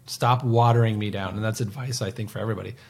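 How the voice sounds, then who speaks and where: A man in his forties co-hosting a podcast, talking in a rambling, casual way with lots of fillers and soft trailing endings. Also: on the low side, steady tone, fast, vocal fry. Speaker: podcast co-host. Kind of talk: casual chat.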